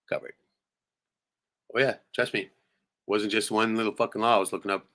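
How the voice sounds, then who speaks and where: Low-pitched guy ranting on a livestream, swears a lot, keeps saying "right?", forceful tense tone. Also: fairly even intonation, a little fast, pauses often. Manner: profane, rambling, heated venting; peppers speech with "right?". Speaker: livestream host. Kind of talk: casual livestream rant.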